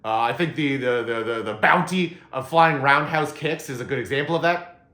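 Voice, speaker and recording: A man's voice: mid-range voice, moderate pace, bright, forceful tone. A man hosting his own movie review channel, talking casually and meandering, with many filler sounds and restarts. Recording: roomy echo.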